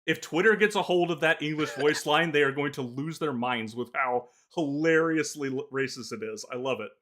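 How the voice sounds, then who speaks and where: A man co-hosting a casual gaming podcast, talking in halting bursts full of filler pauses. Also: a little high, a bit bright, a little hiss or hum. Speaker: podcast co-host.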